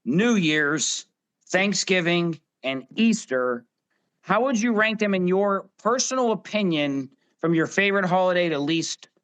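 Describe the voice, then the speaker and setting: A man's voice: sits high, lively intonation, measured pace, fairly bright tone, clean tone. A man hosting a casual podcast roundtable, upbeat and putting questions to each guest in turn. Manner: upbeat, quizzes the others in turn. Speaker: podcast host.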